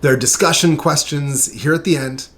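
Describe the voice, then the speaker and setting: A man teaching a short Bible study, reading scripture aloud in an earnest, measured way with emphatic pauses. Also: fairly high pitch, fairly bright tone.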